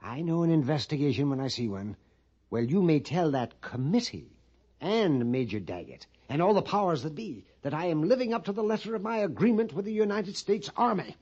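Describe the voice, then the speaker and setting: A man's voice: a little high, expressive, brisk, darkish tone, slightly rough. An actor playing a nervous, fussy male storekeeper at an army post in a 1950s radio drama, theatrical and prone to whispering. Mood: fussy, pompous. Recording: dull old radio broadcast recording.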